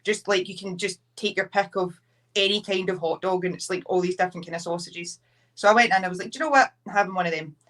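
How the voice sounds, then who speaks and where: Young Scottish woman, wrestler guest, lively anecdotes acted out. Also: on the low side, fast. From Scotland. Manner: chatty storyteller, acts out quotes. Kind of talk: casual podcast chat.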